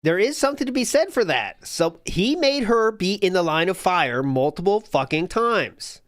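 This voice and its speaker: A man's voice: high voice, very animated, moderate pace, a bit bright, slight background noise. A man hosting a watch-party stream, reading chat and making wry comments between laughs. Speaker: host.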